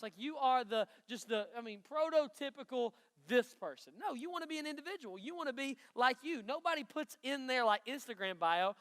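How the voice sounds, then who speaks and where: A man's voice: extremely high pitch, expressive, a little fast, few pauses, a bit bright. A man from Knoxville, Tennessee, with an East Tennessee country accent, giving a chatty, folksy youth sermon and asking the crowd questions. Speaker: youth pastor. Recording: long hall reverb.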